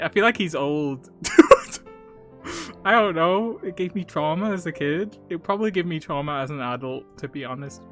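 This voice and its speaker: Bright-voiced man joking through a game. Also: a little high, lively intonation, faint music behind. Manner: joking, laughs often, quick asides. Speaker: streamer. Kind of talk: casual live game commentary.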